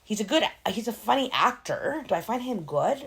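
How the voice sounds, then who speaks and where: A middle-aged woman co-hosting a podcast, telling family stories in an animated, casual way. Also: medium pitch, normal speed. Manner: animated storytelling, acting out family conversations. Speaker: podcast co-host. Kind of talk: casual chat.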